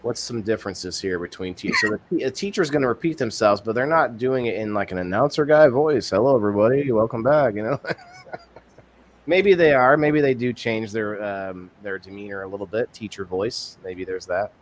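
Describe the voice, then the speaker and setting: Low-voiced rambling male podcast host. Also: animated, moderate pace, slight background noise. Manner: rambling, restarts often, reads viewer comments aloud. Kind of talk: casual live-stream chat.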